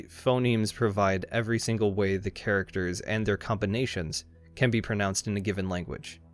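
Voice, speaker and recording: Sarcastic, swearing man narrating a video essay. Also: fairly low pitch. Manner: irreverent, sarcastic, swears freely. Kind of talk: scripted comedic narration. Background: faint background music.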